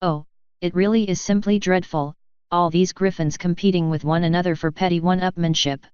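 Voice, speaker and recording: A woman's voice: fairly low pitch, fairly even intonation, fairly quick, darkish tone, smooth, no echo, lo-fi sound, natural voice. A woman reading a haughty young griffin lady. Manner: affected, haughty, flustered when caught. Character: young female griffin, pretentious social climber.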